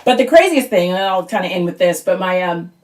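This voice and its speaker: A woman in her thirties doing a stand-up comedy monologue at home, chatty and animated, sometimes squeaking out her kids' lines. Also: fairly quick. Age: 30s. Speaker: stand-up comic auditioning.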